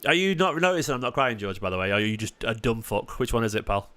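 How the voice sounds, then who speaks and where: A man hosting a live football watchalong, sarcastic and defensive as he talks back to viewers in the chat, moving from low mutters to sharp raised outbursts. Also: fast talker, clean tone. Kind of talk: live-stream match commentary and chat replies.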